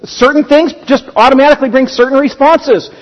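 A man's voice: very high-pitched, steady tone, a little fast, in a large hall, highs cut off. A man preaching a sermon, telling stories conversationally, with frequent restarts. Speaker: pastor.

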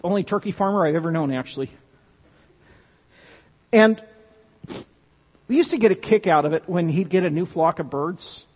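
A man's voice: sits high, normal speed, long pauses, breathy edge. A man preaching a sermon, earnest and emphatic, often restarting his phrases. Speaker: pastor. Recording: dull, lo-fi sound with long hall reverb.

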